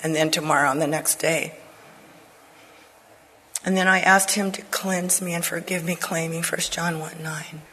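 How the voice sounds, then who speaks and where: An older woman Bible teacher giving an earnest personal testimony to women, dropping to soft whispers for emphasis. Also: low-pitched, steady tone, a little slow, pauses often, breathy edge, poor audio.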